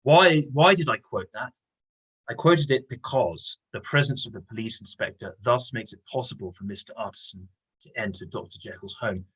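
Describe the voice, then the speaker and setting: A man's voice: on the low side, normal speed, a bit bright, slightly rough, low-quality recording. A man teaching an online English lesson. He explains patiently and repeats key words. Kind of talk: online lesson with reading aloud.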